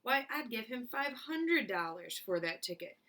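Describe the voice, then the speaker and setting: A woman voicing a pushy, indignant woman in a crowd, shouting in a storybook reading. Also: fairly high pitch, sing-song, measured pace, recorded from a distance, voice pushed up, heavily acted.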